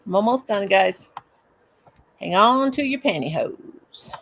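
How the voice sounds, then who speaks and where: A woman's voice: mid-range voice, expressive, takes it slowly, pauses often, fairly bright tone. An older woman hosting a casual live stream, chatting, greeting viewers by name, and humming and singing to herself between remarks.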